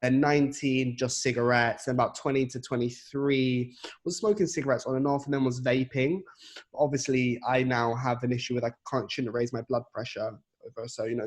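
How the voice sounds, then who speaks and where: A man in his twenties, a podcast guest, talking casually in a reflective, halting way with many "you know"s and "um"s. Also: medium pitch. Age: 20s. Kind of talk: casual chat.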